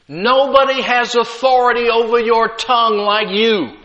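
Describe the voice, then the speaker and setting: A middle-aged man preaching a sermon with emphatic delivery, rising loud then dropping quiet, and slipping in humorous asides. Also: extremely high pitch, steady tone, moderate pace, muffled recording. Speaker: pastor.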